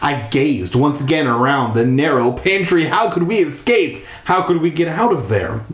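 A man's voice: fairly high pitch, expressive, moderate pace. Crude man reading in an echoey bathtub. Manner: crude, rambling asides. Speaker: storybook reader. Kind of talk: casual crude reading aloud. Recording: echoey bathroom.

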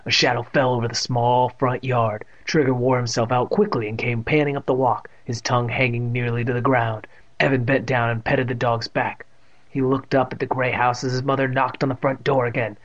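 A man narrating a story in a steady, plain reading voice, adding jokes of his own. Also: mid-range voice, muffled recording. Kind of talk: audiobook reading with ad-libbed jokes.

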